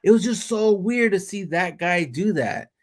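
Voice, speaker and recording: A man's voice: high voice, expressive, normal speed. A man hosting a casual podcast chat, joking and teasing his guest with lots of swearing. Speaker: podcast host.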